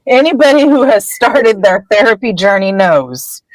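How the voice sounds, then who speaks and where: A woman's voice: medium pitch, expressive, normal speed, dry recording, rough recording. A woman hosting a podcast in casual chat, bantering, swearing and mimicking people for laughs. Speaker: podcast host.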